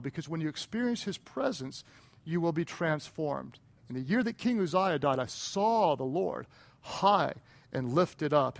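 A man with a notably high voice preaches a sermon. He swings from a soft, close hush to loud, hammering emphasis and leans on repetition for punch. He sounds like a church pastor working a congregation. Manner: impassioned, swings from hushed and intimate to loud and emphatic; repeats phrases for rhetorical punch.

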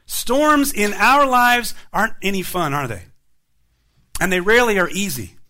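Bright-voiced animated male preacher. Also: high-pitched. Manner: animated storytelling preacher, rhetorical questions to the congregation. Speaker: pastor. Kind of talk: sermon.

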